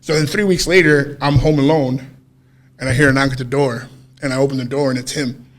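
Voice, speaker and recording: A man's voice: mid-range voice, brisk. A man casually telling a long personal story on a podcast, swearing freely and acting out what people said. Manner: animated, profane storytelling with acted-out quotes. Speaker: podcast co-host.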